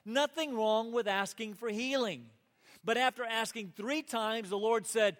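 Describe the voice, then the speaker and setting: A high-pitched male pastor delivering a sermon with earnest conviction, swinging between emphatic peaks and hushed asides. His voice carries a long hall reverb. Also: a little slow. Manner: earnest preaching, rising to emphatic peaks and dropping to soft asides.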